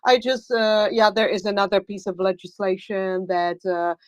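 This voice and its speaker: A woman hosting a live online audio chat, talking haltingly with many filler sounds and growing excited. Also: medium pitch, dry recording, highs cut off. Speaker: host.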